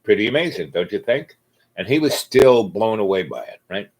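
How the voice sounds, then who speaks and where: Rambling, low-voiced man telling stories. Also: big pitch swings, moderate pace, darkish tone. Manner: meandering storyteller, many fillers and restarts; laughs often mid-sentence. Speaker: vlogger. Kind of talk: casual rambling monologue.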